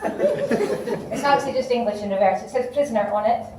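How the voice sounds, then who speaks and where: A woman's voice: fairly high pitch, normal speed, very echoey, far from the mic, background noise. A woman from Aberdeen with a Scottish Aberdonian accent, doing impromptu stand-up comedy and swearing freely. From Aberdeen, Scotland. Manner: swearing, laughs at her own jokes. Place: comedy club room.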